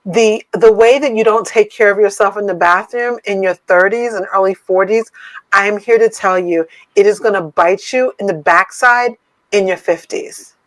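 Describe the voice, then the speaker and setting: A woman's voice: mid-range voice, normal speed, dry recording, low-quality recording. A woman in her fifties co-hosting a podcast from her home office, talking in an emphatic, playful, somewhat preachy way. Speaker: podcast co-host. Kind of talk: casual podcast chat.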